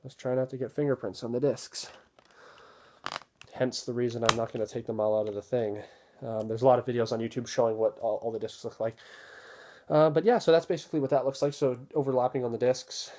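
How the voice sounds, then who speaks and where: A man casually talking through an unboxing, relaxed and rambling with many fillers. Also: medium pitch, fairly quick. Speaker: video host reviewing a disc set.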